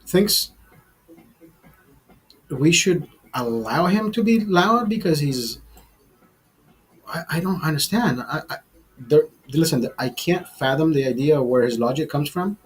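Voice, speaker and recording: A man with a husky, fairly high voice, telling a story straight to his camera. He rants in a heated, profane way, stumbles and repeats words as he builds up his case. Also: animated, measured pace, long pauses, rough recording. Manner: agitated, profane, repeats himself. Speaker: vlog host. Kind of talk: casual storytelling rant.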